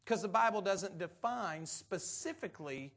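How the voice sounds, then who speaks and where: High-voiced man preaching a folksy sermon. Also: expressive, moderate pace, fairly bright tone. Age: adult parent. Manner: folksy and conversational, turning emphatic on doctrine. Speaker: pastor.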